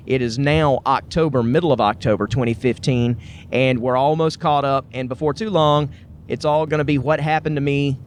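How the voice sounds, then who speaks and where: Talking alone on his own podcast, this Southern US man keeps things earnest, upbeat and conversational with his audience. His pitch is medium, and a little hiss or hum can be heard.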